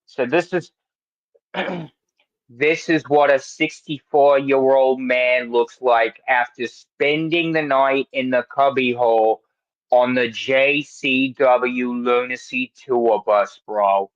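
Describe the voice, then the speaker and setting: A man's voice: medium pitch, steady tone, slow pace, dry recording, dull audio. A man hosting a wrestling podcast in a studio, talking bluntly and mockingly with plenty of swearing. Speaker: podcast host. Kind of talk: casual chat.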